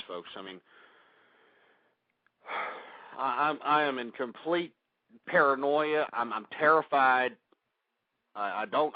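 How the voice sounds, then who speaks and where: A man's voice: medium pitch, dry recording, phone-quality sound. A man hosting a radio show, panicked and rambling, stammering through an apology with his heart racing.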